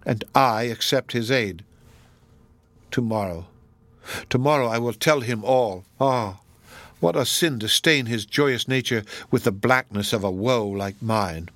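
A brooding, troubled young woman speaks low with tension in her voice, as a male reader plays her. The sound is dry and close. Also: measured pace, fairly bright tone, no room sound, lightly acted. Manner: low, intense delivery.

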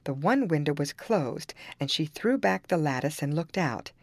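A woman reading a fairy tale aloud in calm, even-paced storybook narration. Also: deep voice, moderate pace, no echo.

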